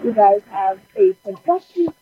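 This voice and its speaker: A woman's voice: medium pitch, lively intonation, normal speed, slightly rough. A woman guest on a radio show, giving cheerful greetings to the listeners. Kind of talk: casual radio shout-out. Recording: dull lo-fi radio sound.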